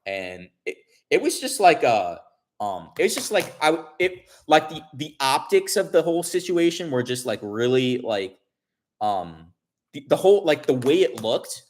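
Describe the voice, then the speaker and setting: A man's voice: on the high side, sing-song, a little slow, a little hiss or hum. A man vlogger telling a story in casual chat, rambling with many restarts and fillers, and swearing when upset.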